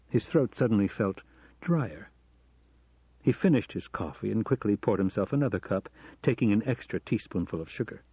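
Male narrator, calm and measured; deep-ish, warm, dry booth sound, slightly dull audio. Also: slightly rough, dry recording. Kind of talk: scripted narration.

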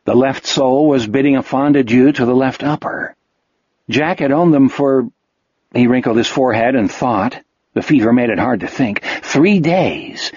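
A man narrates an audiobook in a steady, measured way, his mid-pitched voice slightly husky. The recording is dry, close and a bit dull in the highs. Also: no echo. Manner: measured storytelling. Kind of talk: scripted narration.

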